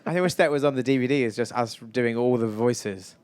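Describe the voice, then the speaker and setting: A man's voice: mid-range voice, brisk, darkish tone, smooth, dry recording. A man answering audience questions at a live event, chatty and rambling, often self-deprecating. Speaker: filmmaker guest.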